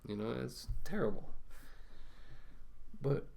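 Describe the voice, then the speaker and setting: A man's voice: mid-range voice, lively intonation, slow, vocal fry, darkish tone, a little hiss or hum. A man ranting casually to camera as a vlogger, rambling with many fillers and restarts, talking through a mask.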